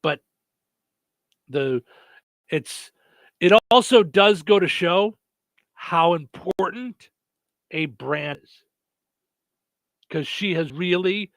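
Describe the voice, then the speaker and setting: A man's voice: high voice, slow pace, long pauses, a bit bright, dry recording. A man hosting a radio morning show, chatting casually with many fillers and restarts. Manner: rambling, lots of fillers and restarts.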